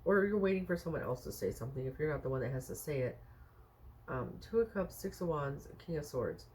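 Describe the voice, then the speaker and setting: A woman's voice: deep voice, animated, brisk, darkish tone, slight background noise. A woman doing a casual tarot reading for viewers, thinking aloud with many fillers and rhetorical questions in a chatty, reassuring way. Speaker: tarot card reader.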